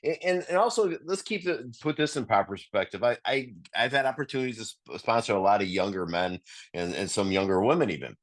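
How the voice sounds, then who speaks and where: A man's voice: lowish voice, expressive, brisk. A man co-presenting a recovery talk, speaking earnestly and repeating words as he gathers his thoughts.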